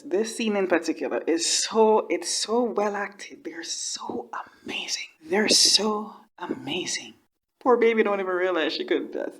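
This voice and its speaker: A woman's voice: fairly high pitch, slight background noise. A woman hosting a reaction video, chatting casually and emotionally, often exclaiming and repeating words for emphasis.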